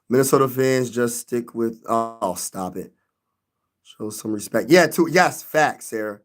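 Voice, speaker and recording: A man's voice: medium pitch, a little slow. A young man hosting a sports live stream, venting loosely in slang and talking back to his chat.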